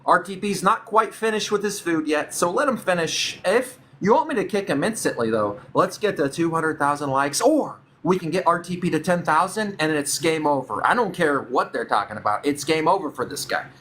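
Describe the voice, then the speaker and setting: A man's voice: fairly high pitch, animated, normal speed, few pauses, sharp tone, slight background noise. A man hosting a live stream debate, playful and teasing as he keeps the chat going. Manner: playful, teasing, hype-building.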